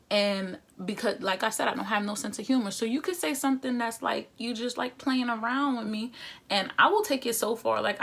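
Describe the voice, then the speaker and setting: A woman's voice: a little high, creaky. Young woman vlogger, blunt and sassy, casual confessional delivery. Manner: sassy, blunt, conversational with slang. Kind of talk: candid confessional talk to camera.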